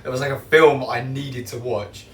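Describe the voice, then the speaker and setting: A young man streams himself baking in his home kitchen, chatting casually in a rambling, slangy, self-mocking way. His voice is medium-pitched, fairly even and fairly bright, at a moderate pace. The recording sounds roomy and distant, with clattering kitchen noise.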